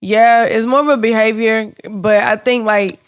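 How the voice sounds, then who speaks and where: A woman's voice: on the high side, steady tone, moderate pace, clear, resonant tone. A woman co-hosting a casual podcast, chatty and full of "like", laughing often. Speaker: podcast co-host.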